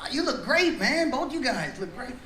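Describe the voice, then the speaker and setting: A man's voice: very high-pitched, sing-song, moderate pace, slight background noise. A middle-aged man doing stand-up comedy, joking with and teasing the audience. He speaks into a stage mic in a large theater. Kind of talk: stand-up comedy with crowd work. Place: large theater on a cruise ship. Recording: echoey theater, loud crowd laughter. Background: audience laughing.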